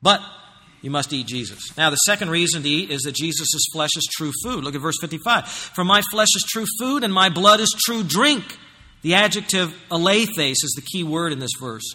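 A man preaching a sermon as pastor, emphatic, swinging between loud passages and hushed ones. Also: on the high side, expressive, moderate pace. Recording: long hall reverb.

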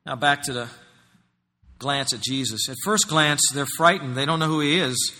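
A pastor preaching a sermon, swinging from loud emphatic declarations to low quiet explanation. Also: male voice, moderate pace, in a large hall.

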